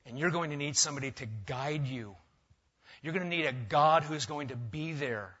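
Emphatic male preacher, bright tone. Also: fairly high pitch, normal speed, slightly rough. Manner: emphatic, rising to loud stresses then dropping quiet. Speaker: pastor. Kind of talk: sermon. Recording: dull lo-fi sound.

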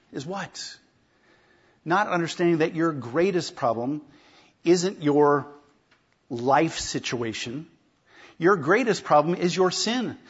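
A pastor preaching a sermon in a conversational way, often asking the congregation rhetorical questions. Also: male voice, on the high side, husky, muffled recording.

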